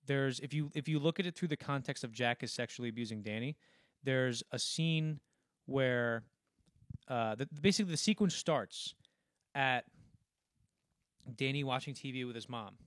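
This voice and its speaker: A young man co-hosts a casual film podcast, animatedly retelling scenes in a rambling way with lots of restarts. His mid-range voice is a bit bright and moves at a normal speed. The studio-quality recording has no echo.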